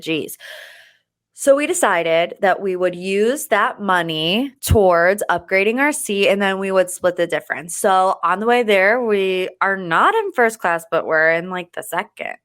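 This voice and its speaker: A woman's voice: fairly low pitch, a bit bright. A woman hosting a pop-culture podcast, chatting casually in a bubbly way and often saying "like". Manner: chatty and bubbly, with frequent "like" fillers. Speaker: podcast host.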